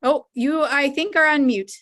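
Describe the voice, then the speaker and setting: A woman with a high voice hosts a celebration for an online study group over a video call. She greets her guests warmly, then talks through the material in a measured, thoughtful way. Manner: warm welcoming introductions, then measured reflective explanation. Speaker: host and editor.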